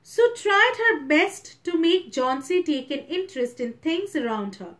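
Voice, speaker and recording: Slow, high-pitched Indian English teacher. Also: female voice, expressive, fairly bright tone. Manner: retells each passage in simpler words. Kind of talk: English lesson, story explanation.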